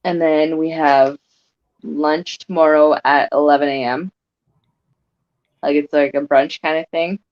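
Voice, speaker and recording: A woman's voice: sits low, fairly even intonation, measured pace, long pauses. A woman chatting casually on a livestream, giggly, upbeat and self-deprecating. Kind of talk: casual chat. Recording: slightly muffled audio.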